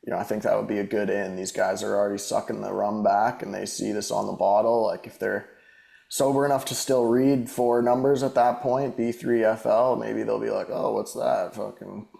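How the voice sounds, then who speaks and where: A man with a slightly low, gravelly voice talks in a laid-back, casual way. He co-hosts a loose podcast chat, swears freely and laughs easily. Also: little pitch movement, fairly quick, dark tone. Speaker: podcast co-host. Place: living in Australia.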